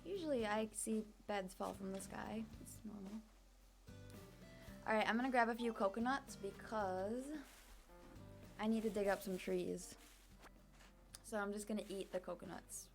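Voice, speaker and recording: A woman's voice: medium pitch, fairly even intonation, moderate pace, gravelly, long pauses, faint music behind. Chatty young woman streaming a game. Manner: chatty, self-deprecating, many fillers. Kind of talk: casual gameplay commentary. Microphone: desk microphone.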